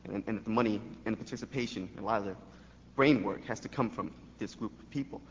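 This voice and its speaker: Fast-talking man asking from the floor. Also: fairly low pitch. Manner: halting, with repeated words. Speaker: audience member asking a question. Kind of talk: question from the floor. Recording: distant echoey hall, muffled, faint hiss.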